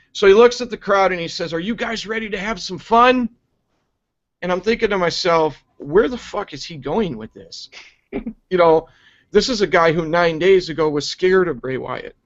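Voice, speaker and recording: A man reviewing wrestling in a profane, exasperated rant, sarcastic and quick to mock. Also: on the high side. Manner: sarcastic and exasperated, heavy swearing. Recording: dull lo-fi recording.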